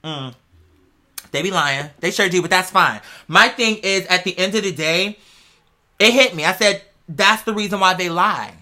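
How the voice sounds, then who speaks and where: A young adult woman hosting a podcast, talking in a rambling, profane, animated casual monologue and calling her listeners "girl". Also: on the low side, normal speed. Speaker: podcast host.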